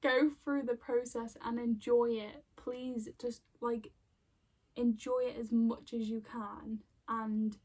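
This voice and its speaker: Heartfelt and rambling, an intuitive card reader works through a casual spiritual reading with many fillers and restarts. Her voice is a little high, level and mellow, her pace slow, and she's a little far from the mic.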